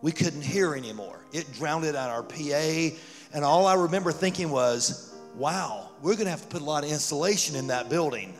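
A male pastor telling a story in a sermon, animated and rising to loud fervor. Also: fairly high pitch, normal speed. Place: church sanctuary. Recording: church hall reverb with music.

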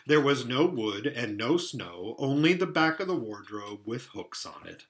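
Man reading aloud, bright, lively, expressive storyteller. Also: mid-range voice, unhurried. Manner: expressive, animated narration. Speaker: storybook reader.

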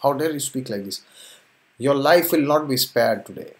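A man voicing an angry, hot-tempered warrior prince in a scripture tale, threatening slowly and emphatically. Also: medium pitch, animated, natural voice. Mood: furious.

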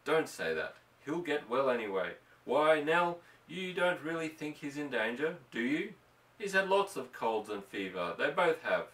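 Storybook rancher, gruff and firm, as a male reader plays him, echoey room, mic set far off. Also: medium pitch, animated, unhurried, fairly bright tone. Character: gruff, steady rancher husband. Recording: roomy, distant mic.

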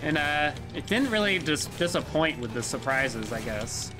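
A man's voice: fairly high pitch, sing-song, moderate pace. Chatty male streamer over game music. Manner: chatty, rambling, joking with chat. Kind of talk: casual gameplay commentary.

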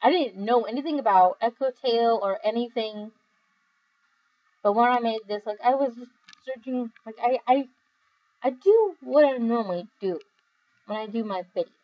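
Young woman, higher voice, slow and tired, giggly casual comment-reading chat, muffled lo-fi audio. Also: animated. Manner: giggly, rambling, with many fillers. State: overly tired. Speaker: video creator reading comments.

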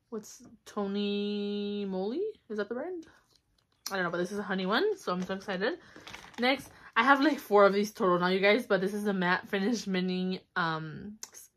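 A young vlogger with a mid-range, fairly bright voice chats at home to a camera on a stand. Her casual haul talk is upbeat and full of fillers, broken up by little squeals of delight.

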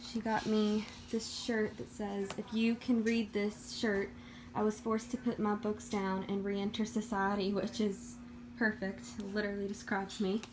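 Chatty woman, flat delivery. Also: medium pitch, a little slow. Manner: chatty, gushing. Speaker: book vlogger. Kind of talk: casual vlog chat. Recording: background noise.

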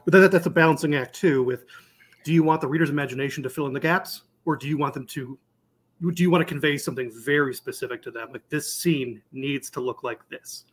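Husky-voiced man thinking aloud. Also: fairly high pitch, fast talker. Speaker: co-writer on a panel.

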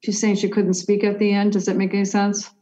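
A woman's voice: medium pitch, completely flat delivery, fairly quick, warm tone. Hesitant woman medium, dull lo-fi sound. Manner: hesitant, full of "like" and restarts. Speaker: psychic medium. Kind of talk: conversational reading for a sitter.

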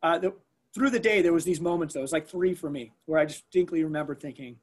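Animated man telling a story, slightly high voice. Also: fast talker. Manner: animated, lots of fillers and restarts, acts out quoted lines. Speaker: school staff member recounting an emergency. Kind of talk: conversational storytelling in an interview.

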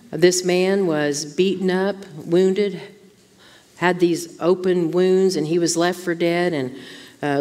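A woman's voice: fairly low pitch, darkish tone, in a large hall. A woman Bible teacher speaking to a women's conference in an informal sermon style, often asking rhetorical questions. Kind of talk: conversational sermon. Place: church.

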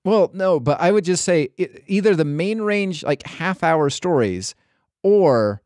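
A man talks casually on a podcast, circling around his points with false starts and hedges. His voice sits a little higher than most men's. The recording is dry, with no room sound. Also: expressive, a little slow, a little mellow, dry recording. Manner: rambling, full of restarts and hedges. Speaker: podcast host.

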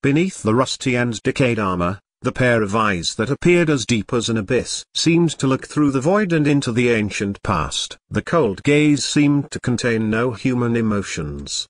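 A man narrates a translated fantasy web novel in an even storytelling manner. His pitch sits in the middle of the range and moves a lot from line to line. The recording is dry and close, with no room sound. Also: normal speed, no echo. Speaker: audiobook narrator.

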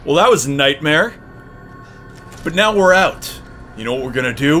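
Guy doing let's play commentary, jumpy voice, bright tone, cusses at the game. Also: on the high side, normal speed, soft background music. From Canada. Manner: excitable, swears and yells at the game. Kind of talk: casual gaming commentary.

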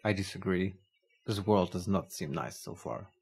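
A man's voice: low-pitched, moderate pace, creaky, a little mellow, husky. A man casually discussing and joking about game choices with a co-player, sometimes swearing. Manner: reacts and debates choices, jokes, swears. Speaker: let's play co-host. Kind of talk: casual gameplay chat.

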